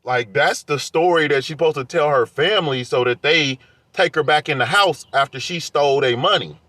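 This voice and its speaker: A man's voice: fairly high pitch, normal speed, pushed and bright, no room sound. Aggrieved man ranting to camera. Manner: aggrieved, defensive, heated. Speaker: vlogger. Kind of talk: casual rant to camera.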